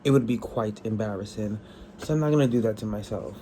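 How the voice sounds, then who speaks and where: A tired man chatting casually about a book he is reading, rambling and excitable, with frequent restarts and swearing. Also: lowish voice, brisk, slight background noise, poor audio. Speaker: book vlogger.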